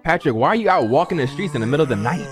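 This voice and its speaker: A young man who streams, roasting cartoon clips in a slangy, animated style and calling his chat "bro.". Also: a little high, very fast, loud music behind the voice. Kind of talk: casual comedic commentary.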